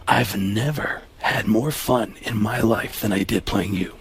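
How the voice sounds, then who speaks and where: A man doing an impression of a middle-aged male actor speaking in a low, hushed and sincere way. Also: a little slow, vocal fry, breathy edge, exaggerated voice. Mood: earnest.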